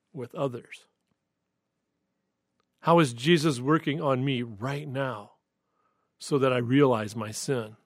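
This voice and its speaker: A man preaching a devotional sermon with scripture reading, in an earnest, reflective and measured way. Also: fairly high pitch, no room sound, clean studio sound. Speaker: pastor.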